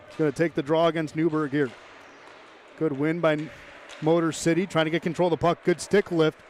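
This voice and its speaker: A man calling live hockey play-by-play, brisk and chatty, tossing in joking asides. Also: on the high side, little pitch movement, a little mellow, a little hiss or hum. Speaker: play-by-play commentator.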